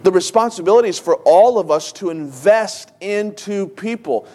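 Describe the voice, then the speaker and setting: A man's voice: sits high, expressive, moderate pace, warm tone. A middle-aged man, a pastor, preaching a sermon with earnest, emotional storytelling and repeated phrases for emphasis. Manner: emotional storytelling, tearful at times.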